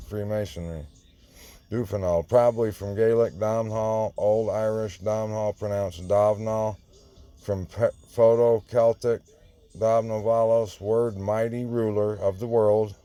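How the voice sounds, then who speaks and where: A man's voice: lowish voice, warm tone. A man giving an informal sermon, insistent and confrontational, often repeating himself. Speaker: online preacher.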